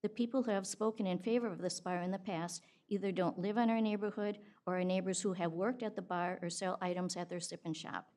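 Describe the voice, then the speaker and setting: A woman's voice: lowish voice, steady tone, a little fast, few pauses, a little mellow. A woman reading a prepared public comment as a resident, earnest and pleading.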